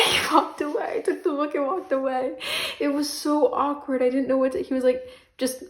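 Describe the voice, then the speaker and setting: A woman's voice: sits high, fairly even intonation, brisk. Chatty young woman in an echoey room. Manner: chatty, rambling, self-mocking, lots of "um" and "like". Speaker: book vlogger. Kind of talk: casual chatty vlog. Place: bedroom.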